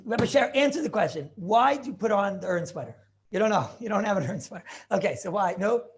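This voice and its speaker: Halting rabbi teaching on a video call. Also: male voice, high voice, lively intonation. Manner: halting, thinks aloud with many restarts and rhetorical questions. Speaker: rabbi teaching a Talmud class. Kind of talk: casual Torah class over video call.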